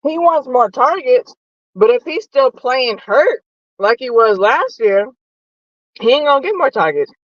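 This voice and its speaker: A woman hosting a casual, profane sports chat from her parked car while eating lunch, animated and nosy. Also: sits high, a little slow, no room sound, dull audio. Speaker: sports podcast host. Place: parked car in a parking lot.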